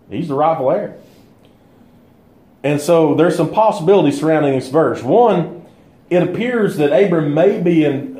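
A man's voice: a little high, a little mellow. A man teaching a bible study in a conversational way, thinking aloud with fillers and restarts. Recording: echoey room.

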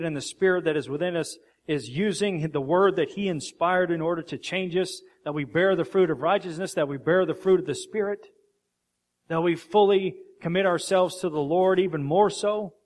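A male preacher delivering a sermon, his voice sitting a little high for a man. He talks with emphatic rhetorical questions.

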